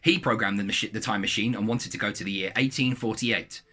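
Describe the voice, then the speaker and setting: Guy reading a kid's story out loud, super bright voice, bit husky. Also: on the low side, fast talker. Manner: lively, animated reading. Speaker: reader of a submitted story.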